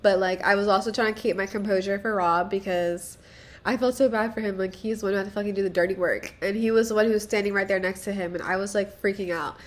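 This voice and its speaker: A woman's voice: mid-range voice, fairly even intonation, quick pace. A young woman hosting a casual solo podcast, rambling and profane, self-deprecating, with nervous laughs. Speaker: podcast host.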